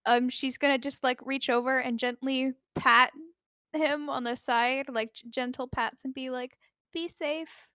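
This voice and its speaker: A woman's voice: sits high, flat delivery, normal speed, bright, forceful tone, clear, resonant tone, dry recording, studio quality. A woman playing a tabletop role-playing game, describing her character's actions in a chatty, rambling way. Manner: chatty, lots of likes and restarts. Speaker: player. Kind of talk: tabletop role-play chat.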